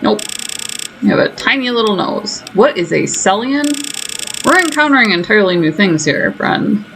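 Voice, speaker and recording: A woman's voice: medium pitch, lively intonation, normal speed, a bit bright, slight background noise, low-quality recording. A woman streamer giving chatty, self-mocking running commentary while she plays a game. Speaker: gaming streamer. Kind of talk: casual let's-play commentary.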